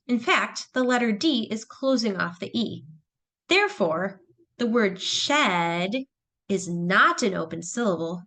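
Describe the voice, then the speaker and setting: A woman's voice: mid-range voice, a bit bright. A woman teacher explaining phonics patiently, step by step. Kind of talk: phonics lesson narration.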